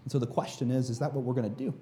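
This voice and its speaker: A man's voice: medium pitch, fairly even intonation, racing, mellow. A man preaching a sermon with emphatic delivery, speaking directly to the congregation and leading them along. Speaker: pastor.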